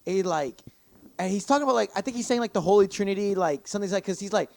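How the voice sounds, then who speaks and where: A man's voice: sits high, rapid-fire, creaky. A young man, a podcast guest, telling a long rambling story in casual chat, swearing constantly and stacking fillers. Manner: profane, rambling and animated, many fillers.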